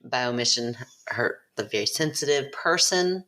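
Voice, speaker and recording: Very low-voiced skeptical woman. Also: animated, a bit bright. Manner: teasing, skeptical, quick. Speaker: skeptical podcast co-host. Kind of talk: casual chat.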